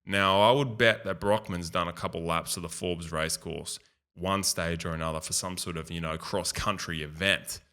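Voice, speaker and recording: A man's voice: low voice, steady tone, moderate pace, pushed and bright. An Australian man hosting a video, giving casual, rambling commentary and often repeating himself. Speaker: video host. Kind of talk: casual commentary over a screen tour.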